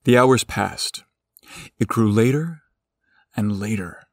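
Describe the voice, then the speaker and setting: A man narrating a scripted story in a slow, expressive way. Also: lowish voice, no echo, clean studio sound.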